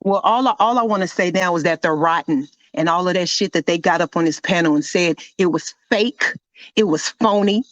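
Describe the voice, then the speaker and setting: A woman's voice: on the low side, fairly quick, no echo. A woman calling in from home over the phone, delivering a heated, profane rant with lots of repetition. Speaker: caller. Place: at home during a storm. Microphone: phone call. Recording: dull lo-fi phone audio.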